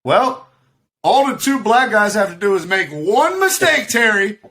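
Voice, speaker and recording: A man's voice: sits high, big pitch swings, measured pace, fairly bright tone. A man co-hosting a podcast on a video call, riffing on sports in a joking, profane way and laughing often. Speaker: podcast co-host. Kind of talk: casual sports chat.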